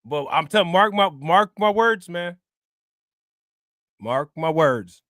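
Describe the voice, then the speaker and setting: A man's voice: fairly high pitch, expressive, takes it slowly, a bit bright, no room sound, clean studio sound. Joking, slangy man streaming live. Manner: joking, laughing, slangy, repeats "you know what I'm saying". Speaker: crypto livestream host. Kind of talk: casual livestream chat.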